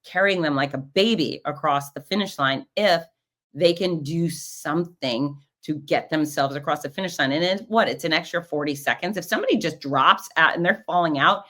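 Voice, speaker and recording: A woman hosting a show, telling stories in a casual, animated way and acting out the voices of the people in them. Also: deep voice, normal speed. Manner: animated, acts out quoted voices. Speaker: podcast host and race announcer. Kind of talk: casual storytelling recap.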